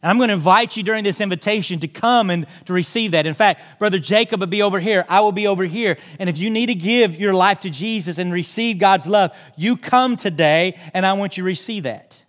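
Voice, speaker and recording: A man's voice: sits high, a little fast, few pauses, fairly bright tone. A pastor preaching a sermon in a church, making earnest, direct appeals to his congregation. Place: church sanctuary.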